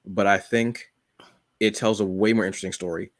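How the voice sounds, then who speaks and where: A man co-hosting a podcast, chatting casually and rambling with lots of halting fillers. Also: lowish voice, fairly even intonation, no room sound, clean studio sound. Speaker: podcast co-host. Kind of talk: casual chat.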